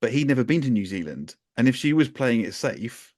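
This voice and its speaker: A man's voice: mid-range voice, very animated, a little fast, darkish tone, dry recording. Dry-voiced man telling a wry story. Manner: chatty, wry, self-mocking anecdote telling. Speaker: podcast co-host. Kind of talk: casual storytelling chat.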